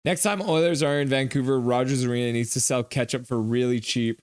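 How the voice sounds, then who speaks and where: A man's voice: medium pitch, steady tone, brisk, no room sound. A man streaming a live hockey game reaction, reading chat messages aloud and teasing viewers in a playful, jokey way.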